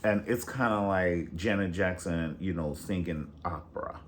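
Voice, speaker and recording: A man's voice: low voice, normal speed, slight background noise. A man chatting casually and sassily, gossipy and profane, calling the viewer "honey". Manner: sassy, gossipy, profane, says "honey" a lot. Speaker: reality TV reviewer. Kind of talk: casual chat.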